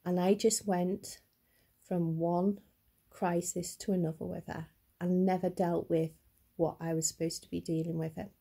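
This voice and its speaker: A woman's voice: lowish voice, little pitch movement, normal speed, gravelly, mellow, husky. A middle-aged woman talking earnestly to camera in a personal vlog, upset and stammering a little as she speaks. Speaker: vlogger.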